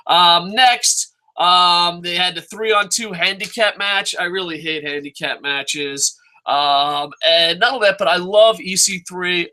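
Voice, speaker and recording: A man hosting a wrestling review show, ranting casually with lots of swearing and occasional shouting. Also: high voice, low-quality recording. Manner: excitable, profane, shouts at times.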